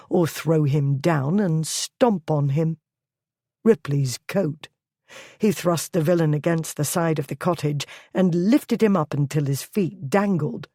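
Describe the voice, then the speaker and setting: An audiobook narrator giving a measured, even scripted reading of a historical romance. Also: medium pitch, no room sound, clean studio sound.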